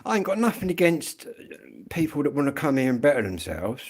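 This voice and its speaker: A man's voice: fairly high pitch, sing-song, fairly quick, breathy edge. A middle-aged man from England, rambling bluntly in a casual livestream chat and swearing freely.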